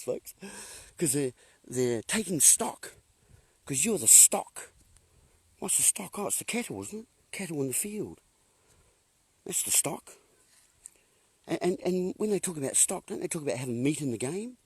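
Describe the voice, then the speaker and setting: Speaking a little high with a breathy edge and no echo, this host rambles to his viewers in a monologue full of puns. He laughs at his own jokes and addresses everyone as folks.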